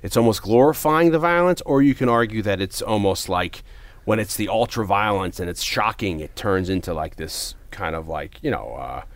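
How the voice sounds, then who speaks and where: A man in casual conversation, animatedly retelling a movie scene and loudly acting out quoted lines. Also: lowish voice, normal speed, no room sound.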